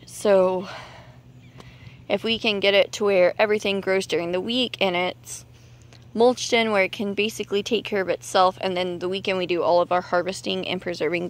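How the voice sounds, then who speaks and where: A woman in her thirties, a little out of breath, chatting and thinking aloud as she films her yard work outdoors on a handheld camera. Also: mid-range voice. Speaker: homesteading vlogger. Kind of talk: casual outdoor vlog narration. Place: outdoors in a yard clearing brush.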